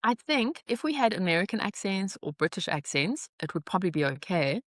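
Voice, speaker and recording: A South African woman co-hosting a podcast in casual chat, talking fast and reading notes aloud. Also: medium pitch, big pitch swings, no room sound, clean studio sound. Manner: talks fast, reads aloud steadily. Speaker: podcast co-host, author coach.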